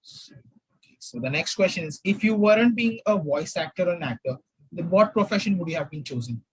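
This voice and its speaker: High-pitched husky young interviewer. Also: male voice, lively intonation, brisk, dry recording, poor audio. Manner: hesitant, rephrases his questions with many fillers. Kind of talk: casual interview questions.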